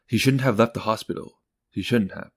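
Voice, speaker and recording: A man reading a short story aloud in calm, unhurried scripted narration. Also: lowish voice. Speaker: audiobook narrator.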